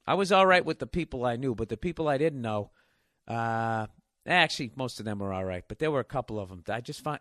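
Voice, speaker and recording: A man's voice: medium pitch, fairly bright tone, no room sound, studio quality. A man in his forties telling stories in a casual, profane, rambling monologue as a podcast host. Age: 40s.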